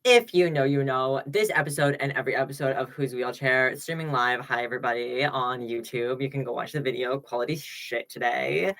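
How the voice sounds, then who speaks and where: A man hosting a casual livestream rant into a laptop's built-in mic, sassy and rambling, swinging between loud remarks and low mutters. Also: a little fast, vocal fry, hardly any pauses. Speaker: livestream host.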